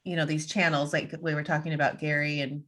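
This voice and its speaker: A woman hosts a relaxed interview, her voice sitting a little low. She encourages her guest with quick reactions, musing questions and easy laughter. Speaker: interview host. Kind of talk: conversational interview.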